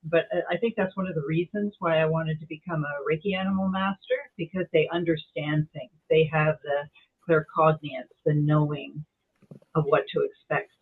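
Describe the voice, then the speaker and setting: A woman on a video call telling her experience in a meditation group, animated and acting out the voices she heard. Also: deep voice, moderate pace, breathy edge. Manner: animated storyteller, acts out quoted voices. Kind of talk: casual chat on Zoom. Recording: tinny phone-like call audio.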